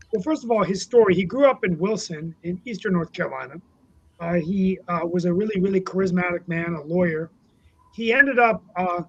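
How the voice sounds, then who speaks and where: A man co-hosting a political talk show, reminiscing casually about a late politician, with many pauses and fillers. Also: high voice. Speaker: co-host, city councilman. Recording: dull lo-fi sound.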